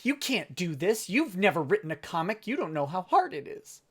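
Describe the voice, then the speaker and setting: A man's voice: sits high, very animated, normal speed, husky, full character voice. A man voicing a huffy, offended male comic creator in a mocking, indignant tone.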